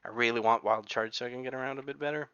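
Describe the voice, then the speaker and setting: A man's voice: mid-range voice, fairly even intonation, racing, pushed and bright, clean tone, dry recording, lo-fi sound. Chatty gamer man, American accent. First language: not English. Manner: chatty, rambling asides while playing. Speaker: gaming video creator. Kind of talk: casual gameplay commentary.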